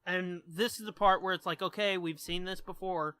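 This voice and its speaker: A man's voice: high-pitched, fairly even intonation, moderate pace, sharp tone, clean tone, no room sound. A man co-hosting a podcast, chatting casually about comics, laid-back and swearing freely. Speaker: podcast co-host. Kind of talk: casual comic-book review chat.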